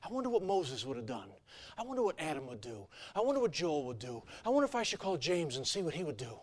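A man preaching a sermon as pastor, telling a story with lively acted-out voices and swinging from quiet to loud. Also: a little high, fast talker.

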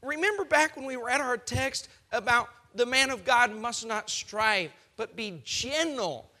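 Emphatic preacher with a bright, high voice. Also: male voice, unhurried. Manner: emphatic, fires off rhetorical questions. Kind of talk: sermon.

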